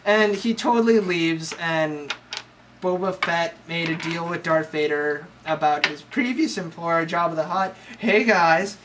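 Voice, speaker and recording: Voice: mid-range voice, unhurried. Rambling, slangy young comic storyteller. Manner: slangy, profane, rambling with lots of "like". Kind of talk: casual comic movie recap. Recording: noisy home recording.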